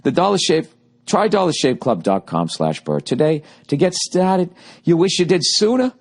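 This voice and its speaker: A man's voice: fairly high pitch, very animated, normal speed. Guy doing his podcast, sarcastic and swearing a lot, voice kinda worn out from gigs, goofs on the ads he reads. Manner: sarcastic, profane, mocking his own ad reads. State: voice going hoarse from shows. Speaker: podcast host. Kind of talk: casual solo podcast rant with ad reads.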